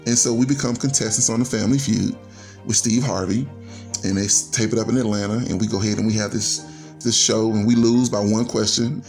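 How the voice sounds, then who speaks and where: A man in his forties recounts his past as a podcast guest, in a low voice with a gravelly, fry-laden edge. He speaks earnestly and reflectively, stringing his thoughts together as personal storytelling. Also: fairly even intonation, brisk, a little mellow, soft background music.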